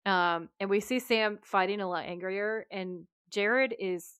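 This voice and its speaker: A woman co-hosting a podcast, recapping a TV episode in casual, animated chat. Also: medium pitch, clear, resonant tone, dry recording, studio quality. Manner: animated storytelling, quick reactions. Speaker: podcast co-host.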